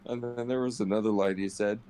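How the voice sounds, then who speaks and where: A man's voice: fairly low pitch, steady tone, brisk, dark tone, a little hiss or hum. A man streaming a game, chatting casually in a rambling, joking way and swearing freely. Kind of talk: casual chat while gaming.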